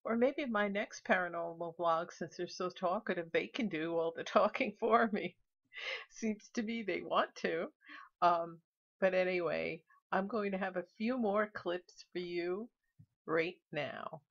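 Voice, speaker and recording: A woman's voice: lowish voice, a little slow, lo-fi sound. A woman vlogger narrating casually, chatty and explaining each step. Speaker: paranormal vlogger.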